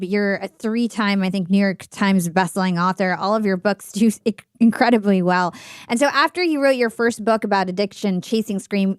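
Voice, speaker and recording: A woman hosting an interview podcast, reading a prepared introduction and asking questions in a measured, earnest way. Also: medium pitch, no room sound, clean studio sound. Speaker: podcast host.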